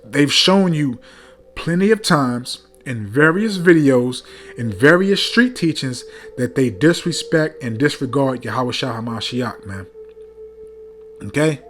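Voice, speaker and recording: A man's voice: mid-range voice, animated, unhurried, faint music behind. A man preaching a heated rebuke sermon, reading scripture between blunt, profane remarks, often stumbling over fillers and repeating "man".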